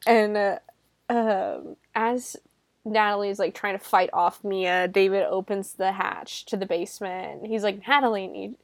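A woman's voice: medium pitch, steady tone, unhurried, no echo. A woman recapping a horror film in a casual, chatty way, swearing freely and filling her talk with "like" and laughter. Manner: chatty, profane, lots of fillers and laughter. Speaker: horror movie reviewer. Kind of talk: casual spoken movie recap. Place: home room.

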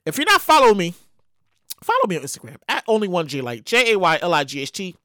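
Woman, comedic show host, swooping pitch, crisp bright tone, profane and animated. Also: fast, dry recording, studio quality. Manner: animated, profane, repeats words. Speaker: podcast host. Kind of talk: comedic news commentary.

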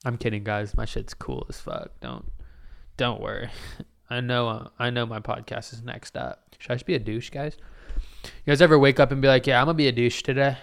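A man's voice: mid-range voice, lively intonation, moderate pace, vocal fry. A man hosting his own podcast alone, rambling in a self-mocking way and swearing often. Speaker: podcast host. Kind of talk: casual solo podcast monologue.

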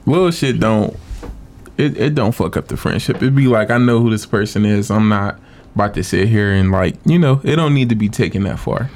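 A man's voice: lowish voice, brisk, darkish tone. A young man co-hosting a podcast, talking bluntly and profanely in casual banter. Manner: blunt, profane, laid-back. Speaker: podcast co-host.

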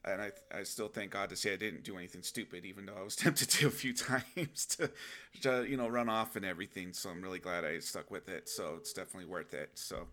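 A young adult man with a low, forceful voice talks casually to his viewers. He acts out inner dialogue with sudden animated outbursts. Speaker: self-help video host. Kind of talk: casual spoken reflection to camera.

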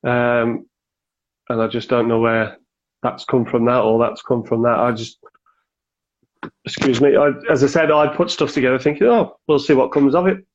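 A man, chatting casually on a podcast about keeping and breeding reptiles, animated and quick to act out little exchanges. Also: medium pitch. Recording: dull lo-fi sound.

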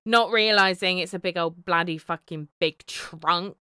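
Slow-talking bright woman. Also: on the low side, clean tone, dry recording, studio quality. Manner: animated, laughing, swears freely. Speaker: podcast co-host. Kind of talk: casual chat.

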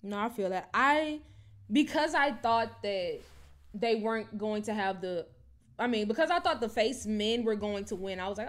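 A woman co-hosting a podcast, chatting casually and animatedly about wrestling, with lots of "like" and "low-key". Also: moderate pace. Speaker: podcast co-host.

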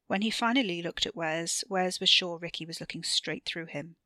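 A woman giving a measured, expressive scripted narration of a serialized story for her podcast. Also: lowish voice, no room sound.

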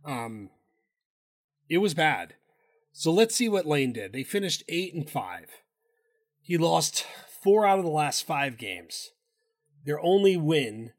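A man co-hosting a casual sports betting chat, loose and profane, rambling with restarts. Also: on the high side. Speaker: podcast co-host.

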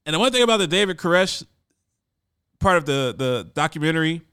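A man's voice: a little high, animated, a little fast, sharp tone, smooth. A man telling a story in a casual monologue, conversational and often repeating words as he restarts.

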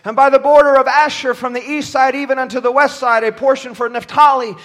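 Impassioned high-voiced male preacher. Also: little pitch movement, brisk. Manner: impassioned, swings from shouting to near-quiet; stumbles and repeats words. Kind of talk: sermon. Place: church pulpit.

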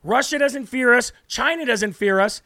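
A male political talk host with a strikingly high voice and a brash, forceful delivery. He hammers his points home in short repeated bursts, recorded dry and close with no room sound. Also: normal speed, no echo. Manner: brash, emphatic, repeats for emphasis. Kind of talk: live political commentary.

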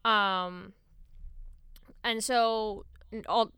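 A woman's voice: mid-range voice, fairly even intonation, drawn-out words, sharp tone, clean tone, no room sound, studio quality. A woman co-hosting a podcast, explaining vocal technique in a casual chat with many fillers. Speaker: podcast co-host.

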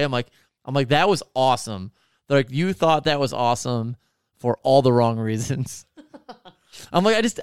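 A man's voice: a little high, clear, resonant tone, dry recording, studio quality. A man in casual chat, telling stories in a profane, sarcastic rant. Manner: profane, ranting, sarcastic storytelling.

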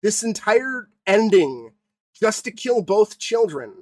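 A young man co-hosting a podcast, ranting with swearing and halting restarts. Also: high voice, sing-song, a little mellow, no room sound. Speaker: podcast co-host. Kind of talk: casual podcast chat.

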